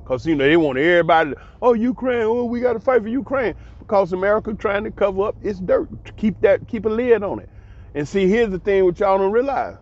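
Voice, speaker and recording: A man's voice: high-pitched, animated, fast talker, highs cut off. A man giving a casual spoken commentary, blunt and emphatic, repeating himself and swearing freely. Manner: emphatic, repetitive, blunt and profane. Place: abroad.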